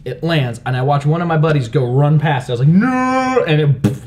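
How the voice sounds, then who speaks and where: A young man co-hosting a casual chat show, joking crudely and telling animated stories. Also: on the high side, fast, slight background noise. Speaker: podcast co-host.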